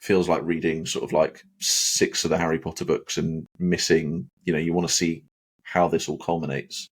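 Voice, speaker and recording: A man's voice: rumbling low, little pitch movement, normal speed, slightly rough. A man co-hosting a casual gaming podcast, rambling with plenty of "like" and "sort of". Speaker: podcast co-host.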